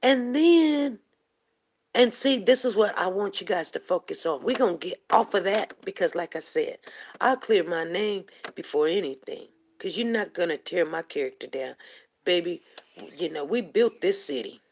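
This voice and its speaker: A woman's voice: fairly low pitch, normal speed. A woman hosting a livestream show, talking heatedly and emphatically and repeating herself to drive her points home. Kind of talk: impassioned livestream commentary.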